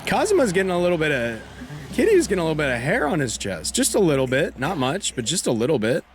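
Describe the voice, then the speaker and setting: A man's voice: on the high side, wildly swooping pitch, fast talker. A man streaming a video game live, chatting loosely in a rambling, joking way. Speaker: gaming streamer. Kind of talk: casual live-stream chat.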